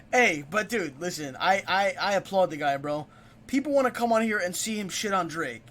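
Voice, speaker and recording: A man's voice: sits high, lively intonation, normal speed, fairly bright tone. A man streaming a reaction video, ranting casually, heated and profane.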